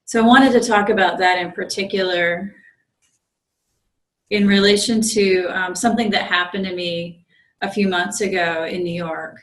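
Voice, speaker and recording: A woman's voice: fairly low pitch, steady tone, moderate pace, fairly bright tone, rough recording. A woman who is a Zen priest, giving a conversational dharma talk as she tells a personal story, with many ums and restarts. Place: meditation group room.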